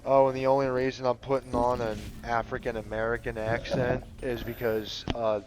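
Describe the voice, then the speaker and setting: A man's voice: medium pitch, little pitch movement, moderate pace. A man chatting casually over a game playthrough, rambling with lots of fillers and swearing. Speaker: gamer commentating a playthrough.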